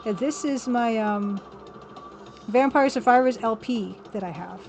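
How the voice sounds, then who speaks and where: A woman's voice: a little high, a little slow, a little mellow. A woman hosting a casual live stream, chatting and rambling to her viewers and laughing often. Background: faint music from a record player.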